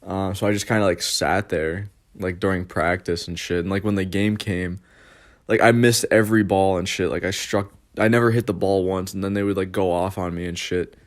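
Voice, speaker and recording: Rambling young man with a low voice. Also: steady tone, moderate pace. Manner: rambling, filler-heavy, profane. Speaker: vlogger. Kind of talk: casual storytime monologue.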